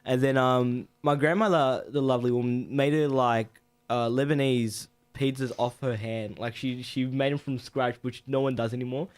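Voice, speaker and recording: A man's voice: mid-range voice, moderate pace, hardly any pauses, clean tone. A young man, co-hosting a casual radio chat and telling family stories with frequent laughs. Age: 20s. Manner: laughs often, animated storytelling. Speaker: radio co-host.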